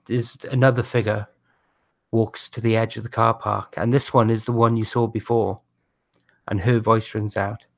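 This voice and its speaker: A man who narrates as game master, describing scenes in a halting way with many restarts. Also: fairly low pitch, gravelly.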